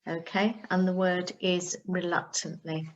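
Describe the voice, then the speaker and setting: A woman primary school teacher, giving a recorded reading lesson, sounding out words slowly and carefully for pupils. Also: on the low side, level tone, lo-fi sound, a little hiss or hum.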